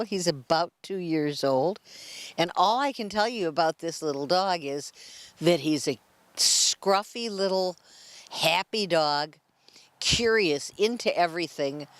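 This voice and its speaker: A woman hosting an animal show, introducing shelter dogs for adoption with heaps of praise and chatty asides to the dogs and crew. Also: on the low side.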